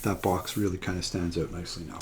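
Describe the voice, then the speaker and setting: A man's voice: low voice, fast talker, very noisy. A man teaching a math lesson, explaining a method step by step while he draws. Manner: relaxed, talks step by step while drawing. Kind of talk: classroom demonstration lesson.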